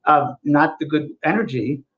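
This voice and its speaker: A man's voice: fairly high pitch, normal speed, muffled recording. A man hosting a spiritual talk show, telling stories and giving earnest advice, often repeating his points for emphasis. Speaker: spiritual teacher and show host. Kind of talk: casual spiritual talk and storytelling.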